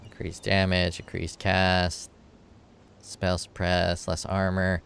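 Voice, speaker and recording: Low gravelly guy narrating gameplay. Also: completely flat delivery, takes it slowly, a bit bright, a little hiss or hum. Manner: offhand, swears freely, thinks aloud. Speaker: gameplay streamer. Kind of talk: casual gameplay commentary.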